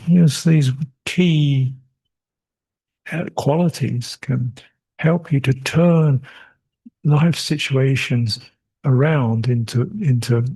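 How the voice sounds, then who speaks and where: Older male monk teacher, husky and unhurried, reflective retreat talk, chuckles, repeats phrases. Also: medium pitch, dark tone. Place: meditation retreat hall.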